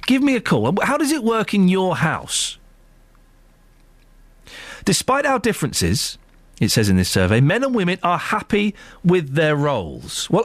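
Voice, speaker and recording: A man hosting a phone-in radio show, with a fairly high voice that leaps all over the place as he teases his guests. His studio mic sounds close and dry. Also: dry recording. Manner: playful, teasing, animated.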